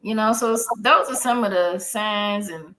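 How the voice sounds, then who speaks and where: A middle-aged woman talks through a podcast conversation. She is folksy and chatty and laughs easily, at an even, middle pitch. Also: normal speed, rough recording. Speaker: house therapist on a podcast. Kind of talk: casual podcast talk on grief.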